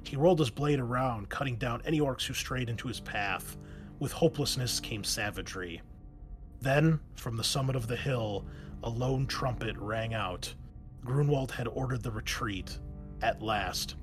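A man's voice: medium pitch, normal speed, music in the background. Man narrating a battle story.

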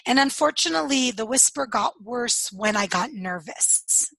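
A woman with a slightly hoarse, husky voice, telling her life story in an interview and acting out the dialogue she recalls. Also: on the high side, expressive, moderate pace, pushed and bright, dry recording, rough recording. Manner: storytelling, acts out quoted dialogue, laughs often. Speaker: podcast guest.

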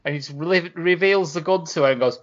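A man's voice: a little high, a little fast. A man in casual chat, chiming in with short agreements and retelling scenes. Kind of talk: casual chat recapping a show. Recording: dull lo-fi audio.

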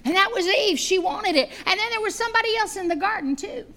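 A middle-aged woman preaching a sermon with animated, humorous storytelling. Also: very high-pitched, quick pace, a little hiss or hum.

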